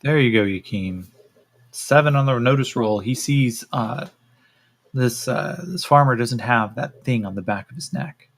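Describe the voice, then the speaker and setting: Husky guy running a solo tabletop game, mid pitch, thinking out loud. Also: unhurried. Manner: thinking aloud, relaxed, many fillers, swearing. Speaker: solo game master and player. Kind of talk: solo tabletop role-playing stream.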